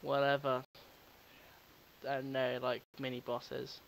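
A man's voice: mid-range voice, completely flat delivery, slow, gravelly, slight background noise, rough recording. A man giving casual, jokey commentary while playing a video game at home, talking back to the characters and swearing now and then. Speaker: gaming video host. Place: home recording setup.

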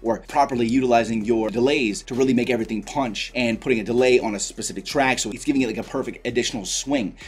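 A man who raps explains song mixing in a casual tutorial, enthusiastic and full of quick asides. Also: medium pitch. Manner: enthusiastic, talks in quick bursts with fillers like "like" and "right?". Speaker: rapper teaching song mixing.

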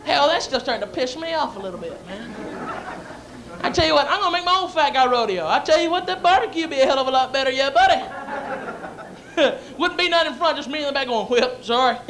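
A man's voice: very high-pitched, lively intonation, fast, a bit bright, a faint crowd, slight background noise. A young man, telling brash, rowdy stories as a stand-up comedian and MC on a comedy club stage. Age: young adult.

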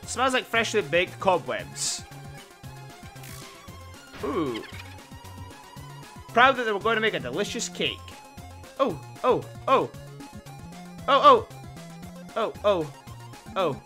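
A man commentating his own video game playthrough with excitable, panicky reactions. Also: high-pitched. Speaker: gaming video host. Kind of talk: let's play commentary. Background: faint game music.

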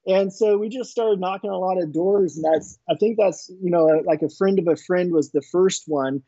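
A middle-aged man, an inventor and entrepreneur, telling stories in a casual interview with a relaxed, rambling delivery full of restarts. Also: high voice, moderate pace, slightly rough, dry recording, lo-fi sound.

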